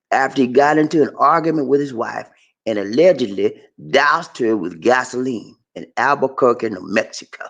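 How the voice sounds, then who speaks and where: A man giving animated, preachy commentary on a news story, playful and repetitive, with questions for his audience. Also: a little high. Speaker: commentary channel host.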